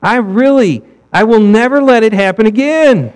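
A man's voice: high-pitched, animated, moderate pace, a little mellow, smooth, pitched above the performer's own voice, low-quality recording. A man voicing a remorseful child who pleads with a parent not to be punished. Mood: pleading. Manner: pleading, overly apologetic.

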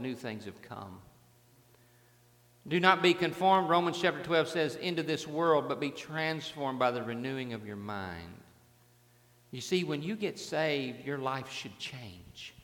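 A man preaching a revival sermon, dropping to hushed storytelling and rising to fervent shouts. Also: fairly high pitch. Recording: long reverb in a large hall.

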